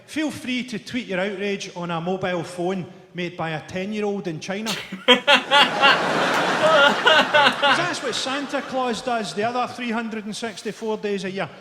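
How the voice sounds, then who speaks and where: A Scottish man in his forties doing a stand-up routine before a live audience, delivering dry, dark one-liners with sharp punchlines. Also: high voice, normal speed, a little hiss or hum. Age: 40s. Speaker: stand-up comedian. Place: large theatre stage. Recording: echoey theatre stage with roaring crowd.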